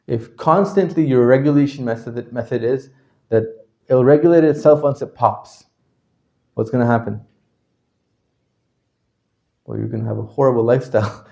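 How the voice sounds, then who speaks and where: A religious teacher gives an interactive lecture, constantly questioning his class and checking that they follow. He's animated, his medium-pitched, creaky voice swinging from loud to quiet. The recording has its highs cut off.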